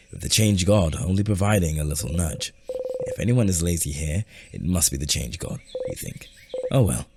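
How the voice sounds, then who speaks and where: A man's voice: deep voice, background noise. A man streaming a story game, reading its text aloud playfully and tripping over words now and then. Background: game music.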